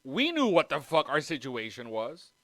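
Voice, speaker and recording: Working from home, a man hosts a casual podcast, rambling and cursing freely as he hops from topic to topic and drifts around the microphone. His voice sits a little high, with pitch that swoops wildly, a moderate pace, and a fairly bright tone.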